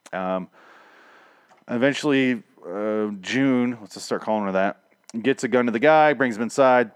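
A man's voice: on the low side, no room sound, clean studio sound. A man casually recapping and reviewing a TV episode, rambling and sarcastic, swearing often and acting out the characters' lines.

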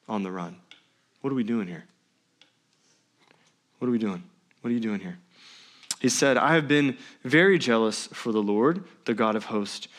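Man preaching with dramatic loud-soft swings. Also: medium pitch. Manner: preaching with dramatic swings between loud emphasis and near-whisper. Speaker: pastor. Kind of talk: sermon. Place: church.

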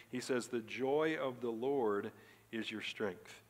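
A male pastor giving a Sunday sermon, preaching emphatically and breaking into animated, excited stretches. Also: medium pitch, slow pace. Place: church sanctuary. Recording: church hall reverb.

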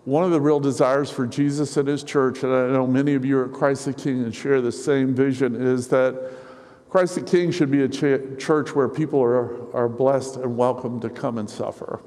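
A middle-aged male pastor preaching a sermon to his congregation, earnest and personal, with soft storytelling asides. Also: medium pitch, fairly even intonation, normal speed. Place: church sanctuary. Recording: reverberant hall.

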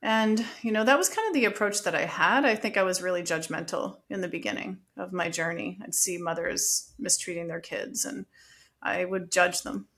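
A middle-aged woman talks in an earnest, reflective way, with a voice that sits a little low. She tells a personal story in a relaxed conversational podcast style. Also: normal speed. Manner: earnest, reflective, animated telling. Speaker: guest.

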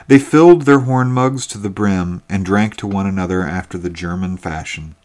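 A man narrating a classic tale in a measured, even reading. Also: sits low.

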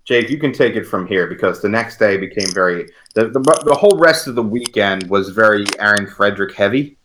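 A man co-hosting a podcast, casually retelling a weekend story in an animated way. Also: on the low side, fairly quick, a little hiss or hum. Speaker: podcast co-host. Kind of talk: casual chat.

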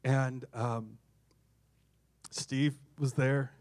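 A man's voice: medium pitch, little pitch movement, very slow, darkish tone. A middle-aged man, a pastor, preaching a sermon full of humorous, self-deprecating stories. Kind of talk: sermon with storytelling.

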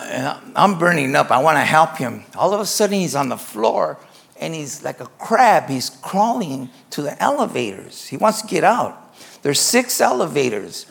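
A man who is a pastor, telling a story in a sermon in an animated way, acting out the scenes as he goes. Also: on the high side, vocal fry.

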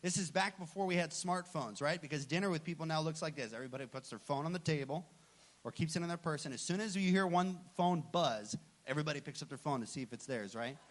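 A man in his thirties, a pastor, preaching a sermon and telling a personal story, acting out the dialogue with lively energy. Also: fairly high pitch, fast.

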